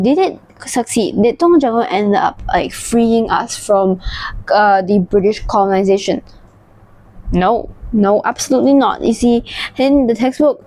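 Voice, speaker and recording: A woman's voice: on the high side, warm tone, no echo. A young woman with a Malaysian accent gives a casual revision lesson as a history tutor, mixing English and Malay and explaining keywords as she draws. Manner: switches between English and Malay, explains keywords while drawing.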